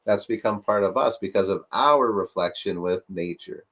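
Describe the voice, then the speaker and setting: A man with a fairly low voice talks through a casual discussion. He pushes his points with rhetorical questions and leans on fillers. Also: normal speed, a bit bright.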